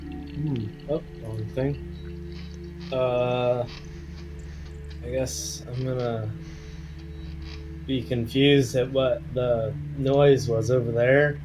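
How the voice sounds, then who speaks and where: A man taking his turn in a tabletop game, thinking aloud and hesitant. He speaks very slowly, and music is clearly heard behind him. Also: medium pitch, fairly even intonation, rough recording. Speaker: player.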